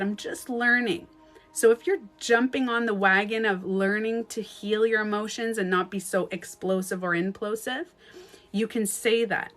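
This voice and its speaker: A woman's voice: medium pitch, a bit bright. Woman relationship coach on a casual livestream: blunt, emphatic, swears freely, voices inner thoughts aloud, faint music underneath. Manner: acts out inner thoughts in quoted asides. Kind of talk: casual livestream advice talk.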